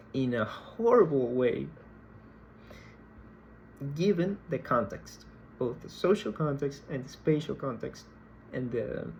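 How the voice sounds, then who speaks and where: A male lecturer explaining a concept in a recorded class, speaking in a slow, measured way and often repeating himself mid-sentence. His pitch sits in an ordinary middle range. Faint ambient noise hums behind him. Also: a little mellow, lo-fi sound. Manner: slow, deliberate, repeats words while explaining. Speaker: university lecturer.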